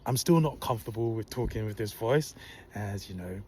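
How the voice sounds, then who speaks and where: A man telling a personal story in a casual, soft and humble tone, calm and unhurried. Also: fairly low pitch, a little hiss or hum. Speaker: vlogger recounting a work story.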